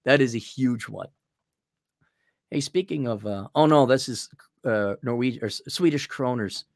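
A man's voice: mid-range voice, normal speed, no room sound, clean studio sound. A man giving a profane, heated and mocking rant as a political commentator on a livestream.

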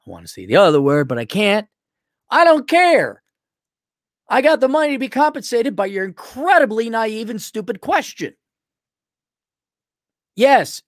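A brash man ranting blunt advice, mocking his listener. His pitch swings widely and sarcastically, and the sound is dry and close with no room echo. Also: very animated, normal speed. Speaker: advice show host. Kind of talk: blunt paid advice rant.

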